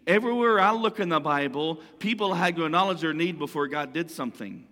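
A man's voice: fairly high pitch, brisk, bright, forceful tone, in a large hall. A man preaching a sermon in a conversational way, often repeating and restarting phrases. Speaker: pastor.

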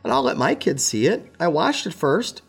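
A man co-hosting a casual film review chat, opinionated and joking, with a gravelly voice. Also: a little high, big pitch swings, normal speed. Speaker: podcast co-host.

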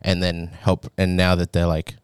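A low-voiced young man chatting casually on a podcast. He rambles with lots of fillers and laughs through his stories. The mic is close and the sound is dry. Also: completely flat delivery, normal speed, clear, resonant tone, dry recording. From Australia. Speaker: podcast co-host. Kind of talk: casual chat.

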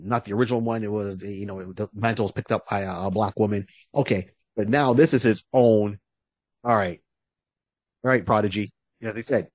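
A man's voice: on the low side, no echo. A man co-hosting a podcast, retelling a story in a casual, rambling way with many fillers. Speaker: podcast co-host. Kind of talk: casual chat.

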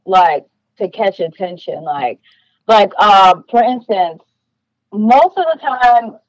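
A woman from New York, a podcast guest, telling stories in casual chat, blunt and animated with lots of "like" fillers. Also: mid-range voice, slow pace, no room sound, rough recording.

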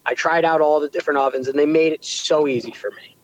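A young adult man, a pizzeria owner, telling his story in a casual interview, animated and rambling with restarts. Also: on the high side, fast talker, dry recording, low-quality recording. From United States.

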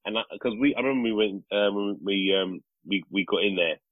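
A man, a father and podcast co-host, telling a story in a casual, animated and rambling way with many restarts. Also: fairly low pitch, a little fast, dry recording. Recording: slightly dull lo-fi recording.

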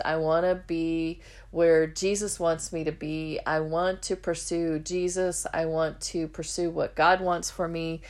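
A woman's voice: lowish voice, a little mellow. A woman podcast host telling her personal faith testimony in an earnest, heartfelt way, acting out the dialogue in her story.

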